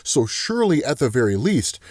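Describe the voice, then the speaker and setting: A man's voice: mid-range voice, big pitch swings, brisk, a little mellow, dry recording, clean studio sound. A man casually recapping a comic story, chatty and often tagging lines with "right?". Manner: chatty, keeps asking "right?", laughs often. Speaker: comics explainer host.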